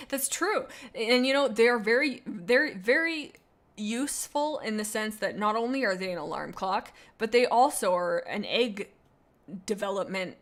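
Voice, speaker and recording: A woman's voice: mid-range voice, animated, normal speed, a bit bright. A woman streaming live in a loose, casual chat, reading out viewer comments. She talks in a playful, goofy way. Her sentences ramble and often stop short and start over with little asides. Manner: rambling and self-interrupting, with many restarts and asides.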